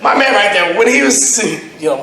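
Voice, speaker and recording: A man's voice: sits high, lively intonation, normal speed, crowd noise. Crude, laughing man doing stand-up in an echoey hall. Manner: crude, rambling, laughing at his own jokes. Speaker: stand-up comedian at open mic. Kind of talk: stand-up comedy set. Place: convention panel room with live audience. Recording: very echoey room recording, noisy.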